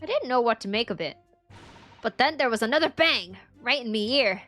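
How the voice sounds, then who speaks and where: A woman's voice: on the high side, animated, brisk, a bit bright, soft background music. A woman voicing a brash, cheeky young girl who works as a police inspector, with a put-on Cockney accent and blunt, slangy talk. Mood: excited.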